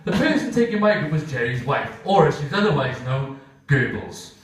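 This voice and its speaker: A male stand-up comedian telling an animated story on stage, acting out voices for dogs and people. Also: medium pitch, normal speed, slight background noise. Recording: roomy live venue, mic from a distance, audience. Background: audience laughter.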